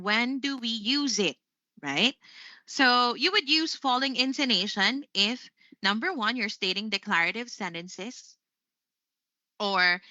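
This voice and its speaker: A woman's voice: medium pitch, sharp tone, no echo. A woman from the Philippines teaching English online, chatty, with frequent fillers and self-corrections. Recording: dry, slightly muffled sound.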